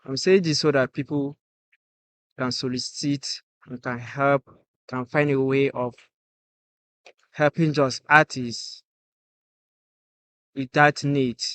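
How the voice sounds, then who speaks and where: A man's voice: mid-range voice, steady tone, takes it slowly, pauses often, a bit bright, no echo. Nigerian man, dry and earnest. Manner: earnest, repeats "you get" often. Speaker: guest musician. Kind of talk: casual podcast chat.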